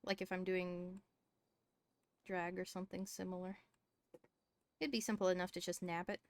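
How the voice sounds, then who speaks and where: A woman chatting in character in a roleplay game, trading dry, deadpan quips. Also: fairly low pitch, moderate pace. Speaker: roleplay player playing a doctor.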